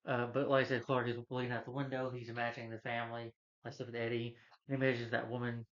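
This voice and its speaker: A man's voice: medium pitch, level tone, fast, a bit bright, lo-fi sound. A man casually retelling a film's plot in a rambling way as a movie reviewer. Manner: rambling, acts out quotes from the film.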